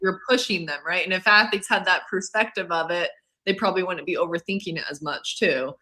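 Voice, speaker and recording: A woman's voice: on the low side, fairly quick, pushed and bright. A woman who is a mental performance coach, a podcast guest explaining her advice and often checking in with "right?". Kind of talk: casual podcast interview.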